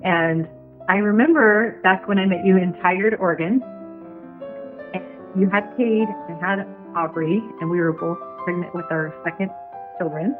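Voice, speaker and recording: A woman with a somewhat low voice leaves a bubbly, affectionate birthday message. The sound is tinny, like a phone, with faint music underneath. She speaks with lively warmth. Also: normal speed. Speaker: friend giving a birthday tribute. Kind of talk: heartfelt recorded message.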